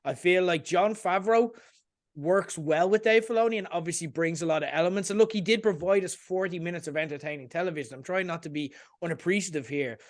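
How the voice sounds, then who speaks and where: A man co-hosting a casual podcast, giving measured, reflective opinions and hedging them. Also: high-pitched. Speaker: podcast co-host. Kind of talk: casual chat.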